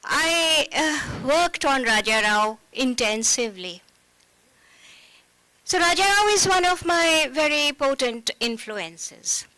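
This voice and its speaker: Casting note: woman from India, author at a live panel, high bright voice, dry close sound. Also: lively intonation, slow, dry recording, low-quality recording. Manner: reflective, with frequent fillers. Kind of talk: festival panel conversation.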